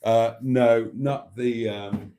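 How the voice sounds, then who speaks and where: A British man hosting a casual livestream, reading viewer comments aloud and joking back, with chuckles and throat-clearing. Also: medium pitch, fairly even intonation, drawn-out words, mellow. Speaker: livestream host.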